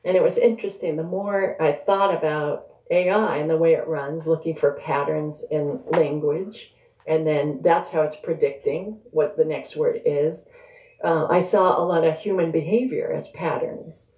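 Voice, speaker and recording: A woman's voice: low-pitched, steady tone, moderate pace, warm tone. A woman author speaking conversationally and reading from her novel at a live bookstore event. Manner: conversational, thinking aloud. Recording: roomy echo.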